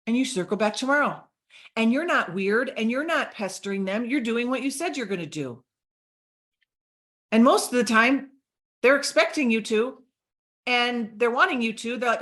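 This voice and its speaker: A middle-aged woman giving an energetic sales training talk to a group, coaching them and acting out sample chats. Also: a little high, normal speed, long pauses.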